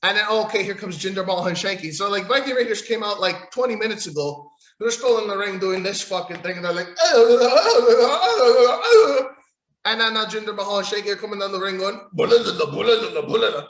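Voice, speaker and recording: A man's voice: sits high, fast talker, few pauses, bright, forceful tone. A man hosting a solo podcast, recapping in a rambling, profane, sarcastic way. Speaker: podcast host. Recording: echoey room.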